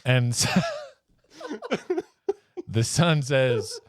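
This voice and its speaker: A man's voice: mid-range voice, huge pitch swings, drawn-out words, no room sound, studio quality. A man co-hosting a podcast, telling a made-up movie plot in a rambling, laughing way and acting out the characters. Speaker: podcast co-host. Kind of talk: casual chat, storytelling a made-up movie plot.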